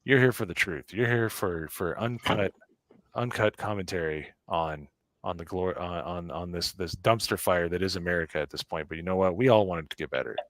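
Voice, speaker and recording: A man's voice: low-pitched, fairly quick, dry recording, studio quality. A man hosting a casual political talk show, joking and sarcastic with mock rants. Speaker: podcast host.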